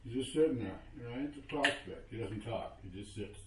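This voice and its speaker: A man in his seventies, a local resident, telling a story in a casual, animated way, acting out what people said and cursing freely. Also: mid-range voice, a little fast, heavy background noise. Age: 70s. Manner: animated, acts out quoted exchanges, curses freely. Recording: roomy echo, voice from a distance.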